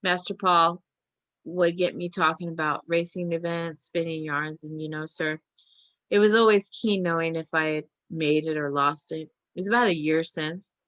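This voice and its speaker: A woman voicing a respectful male groom who speaks in a hushed, reverent way and calls people sir. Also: low voice, fairly even intonation, normal speed, dry recording.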